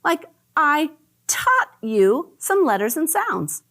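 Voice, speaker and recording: A woman teaching a phonics lesson to young children, sounding out letter patterns slowly and praising often. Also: high voice, big pitch swings, sharp tone. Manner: slow, exaggerated sounding out of letters; cheerful praise and questions to the listener. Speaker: first grade teacher.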